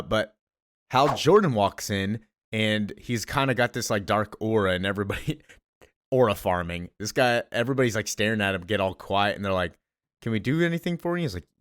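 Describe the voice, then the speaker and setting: A man's voice: lowish voice, fairly bright tone, no room sound, clean studio sound. A man hosting a casual comic book recap in a chatty way, with lots of fillers. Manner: chatty, full of fillers and laughs.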